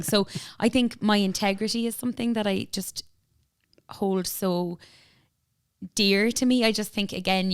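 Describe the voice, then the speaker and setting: A woman with an Irish accent, a business founder talking in a casual interview, chatty and animated, full of fillers and retold dialogue. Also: mid-range voice, clear, resonant tone, no echo, clean studio sound. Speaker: entrepreneur guest.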